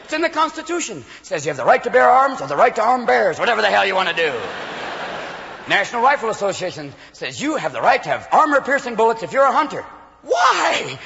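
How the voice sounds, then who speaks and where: High-voiced ranting stand-up comic. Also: male voice, big pitch swings, gravelly, in a large hall. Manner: rapid ranting with frequent voices and shouts. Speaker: stand-up comedian. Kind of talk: stand-up routine. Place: comedy club stage. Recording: dull live club recording, audience noise.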